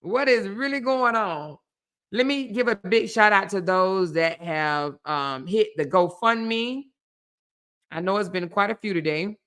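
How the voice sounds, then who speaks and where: Lady on her live stream, bright voice, slow and chatty, keeps thanking folks by name. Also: medium pitch. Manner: chatty, laughs often, reads out viewer names and thanks them. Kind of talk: casual live stream chat.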